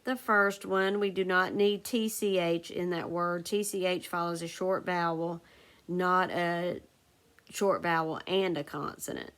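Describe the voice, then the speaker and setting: A woman teacher leading a recorded phonics lesson, dictating sentences slowly and spelling words out letter by letter. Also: on the low side, steady tone, a bit bright, smooth. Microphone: recorded for a video lesson.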